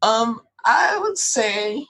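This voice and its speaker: A young woman co-hosting a podcast, chatting casually, laughing often and throwing in quick asides. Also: a little high, big pitch swings, a bit bright, poor audio. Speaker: podcast co-host. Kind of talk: casual chat.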